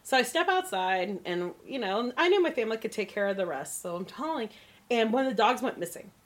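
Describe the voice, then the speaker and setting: A woman's voice: fairly high pitch, animated, fairly quick. A woman co-hosting a podcast, telling a long story in a chatty, rambling way and laughing often. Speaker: podcast co-host. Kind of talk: casual chat, storytelling.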